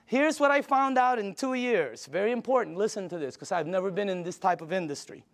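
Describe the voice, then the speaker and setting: An older man giving a sales pitch, enthusiastic and emphatic, telling stories to his audience. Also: lively intonation, fairly quick. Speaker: sales presenter.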